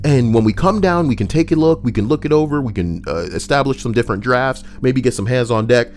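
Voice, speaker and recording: A young man doing casual, profane commentary that rambles and swings between loud rants and low mutters. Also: animated, brisk, soft background music. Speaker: YouTube commentator.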